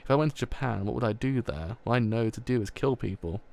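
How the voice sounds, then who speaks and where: A man's voice: medium pitch, quick pace, vocal fry, a little mellow, natural voice. A man reading as a blunt, guarded teen gang leader. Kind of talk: reading a comic aloud.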